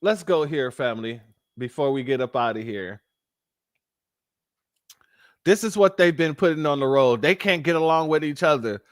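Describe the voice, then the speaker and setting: A man's voice: fairly high pitch, animated, moderate pace, long pauses, no echo, clean studio sound. A man hosting a commentary show, speaking indignantly and calling his listeners family. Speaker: host.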